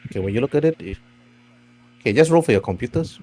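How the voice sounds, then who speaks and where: A man's voice: mid-range voice, animated, quick pace, a little mellow. A man narrating a tabletop role-playing game as game master, with meandering, restart-filled phrasing.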